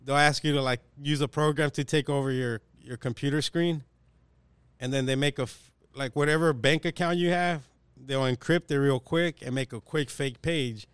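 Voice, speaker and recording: A man's voice: medium pitch, steady tone, moderate pace, clear, resonant tone, dry recording. A young man hosting a casual podcast chat, animatedly telling a story in slangy, profane talk and acting out the people in it.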